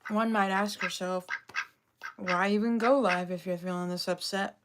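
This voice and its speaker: A woman's voice: mid-range voice, fairly even intonation, moderate pace, noisy background. Chatty young woman rambling on a livestream. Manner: rambling, filler-heavy and chatty. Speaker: livestream host. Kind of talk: casual livestream chat. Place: home.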